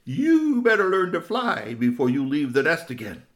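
A man's voice: fairly high pitch, huge pitch swings, moderate pace, fairly bright tone, voice pushed up. A man voicing a kind, strong male hero in a children's story, talking in a plain, friendly, matter-of-fact way. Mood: fatherly. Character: kindly strong male hero, calm and steady.

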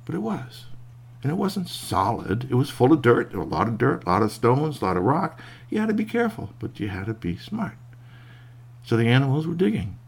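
A man telling a children's tale in a folksy, animated way. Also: medium pitch, brisk, vocal fry, slightly rough. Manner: lively, folksy, puts on voices for animals. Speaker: storyteller. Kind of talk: oral storytelling.

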